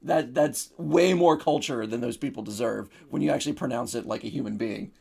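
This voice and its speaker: A man's voice: medium pitch, a little fast, creaky, mellow, slightly rough. A man with a New Jersey accent co-hosting a comedy podcast, telling stories in a ranting, mock-outraged way. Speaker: podcast co-host. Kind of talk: comedic casual chat.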